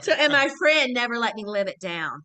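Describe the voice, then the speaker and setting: A middle-aged woman from Texas with a high, bright, ringing voice chats as an interview guest. She tells her stories with animation and laughs often, slipping into the voices of the people she quotes. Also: very animated, fairly quick. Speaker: guest actress. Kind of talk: casual interview chat.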